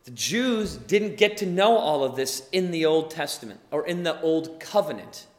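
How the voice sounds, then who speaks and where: A young male preacher delivers an earnest, explanatory sermon, now and then rising into emphatic runs. His voice sits a little high. The recording carries the long, roomy reverb of a church hall. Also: lively intonation, normal speed.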